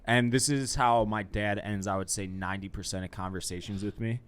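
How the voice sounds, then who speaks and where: A young man with a lowish voice hosts a casual podcast chat. He rambles along and pokes fun at himself. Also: steady tone, brisk, a bit bright. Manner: rambling, self-deprecating. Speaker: podcast host.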